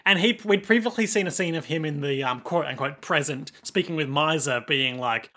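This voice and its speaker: Guy podcast cohost, bright sharp voice, lively recap chat, slightly high. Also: moderate pace, hardly any pauses. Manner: animated, acts out scenes. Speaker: podcast co-host. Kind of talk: casual chat recapping a show.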